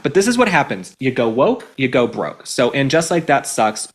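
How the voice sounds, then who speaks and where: A man's voice: mid-range voice, big pitch swings, a little fast. A man in his twenties hosting an opinionated commentary and advice show, sarcastic and emphatic, repeating his points. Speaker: host.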